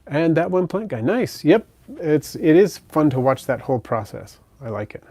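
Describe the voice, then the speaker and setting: A man hosting a pet channel livestream, casually reading viewer comments in a relaxed, chatty way and softly cooing to his pet bird. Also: on the high side, normal speed, no room sound.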